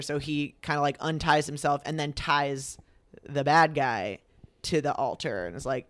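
A young man recounts a story in a loose, chatty way, slipping into the voices he quotes. His voice is smooth and clear and sits a little high. It is recorded close and dry, with no room sound. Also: normal speed, no room sound. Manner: animated retelling that acts out quoted lines, lots of fillers. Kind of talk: casual storytelling chat.

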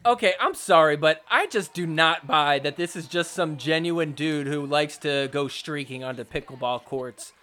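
A man hosting a podcast, recapping pickleball matches over footage in a casual, jokey, excitable way and mock-quoting the players. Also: a little high, moderate pace, hardly any pauses.

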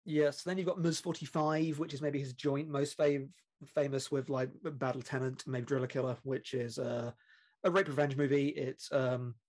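A man's voice: mid-range voice, little pitch movement, moderate pace, a little mellow. A British man co-hosting a film podcast, talking in a chatty, rambling way with lots of fillers and laughs. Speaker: podcast co-host. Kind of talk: casual film podcast chat.

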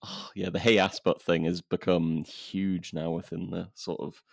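Deep gravelly man chatting casually. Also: a little slow, dry recording, clean studio sound. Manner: rambling, relaxed, restarts and trailing thoughts. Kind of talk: casual podcast chat.

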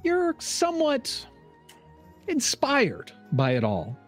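Lively, playful male dungeon master. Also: very high voice, slow pace, faint music behind. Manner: playful, teasing. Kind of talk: narrating a tabletop game with banter.

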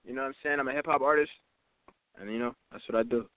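A man's voice: mid-range voice, quick pace, smooth, dry recording. Nineteen-year-old man calling in by phone. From New York. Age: teens. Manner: relaxed, says "you know what I'm saying". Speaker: caller, hip-hop artist. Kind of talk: casual phone interview. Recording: tinny phone line.

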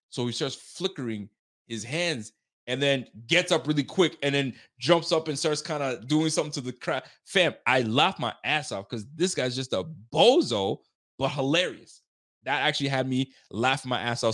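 A man's voice: medium pitch, expressive, moderate pace, fairly bright tone, no echo, studio quality. Slangy, joking male sports host. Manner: loose, joking, slangy and laughing often. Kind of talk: casual post-game reaction chat. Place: Nova Scotia.

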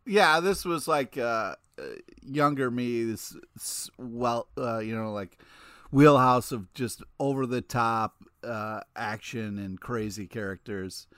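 A man co-hosting a casual comic review chat, talking in an excitable, rambling way. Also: mid-range voice, slow pace, smooth, no room sound, clean studio sound. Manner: excitable, rambling, many fillers. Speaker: co-host.

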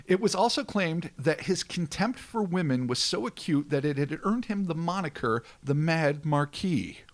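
Podcast host, male, slightly higher voice, dramatic storyteller reading history. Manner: dramatic narration with swearing banter. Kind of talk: reading a scripted history segment.

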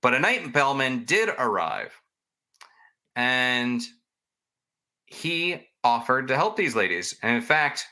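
Man, podcast host, chatty ghost storytelling, bright clear tone, mid pitch. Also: big pitch swings, takes it slowly, pauses often. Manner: chatty, rambling, self-mocking. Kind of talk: casual storytelling chat.

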